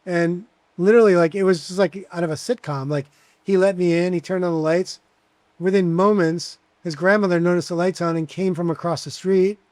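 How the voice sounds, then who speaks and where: A man of about sixty talks in a high, bright register as an interview guest. He rambles through lively anecdotes, peppered with casual fillers. The sound is dry, with no room echo. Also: a little fast. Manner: chatty, animated anecdotes with many fillers. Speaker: bartender guest.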